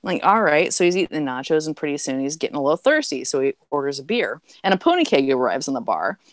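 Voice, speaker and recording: A woman with a lowish voice tells long jokes in a loose, chatty way, filling the gaps with "like" and "um." She acts out the characters with small voices. The sound is close and dry, with no room echo. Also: fast talker. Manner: animated joke-telling with acted voices and many fillers. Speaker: podcast guest. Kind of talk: casual chat, telling jokes.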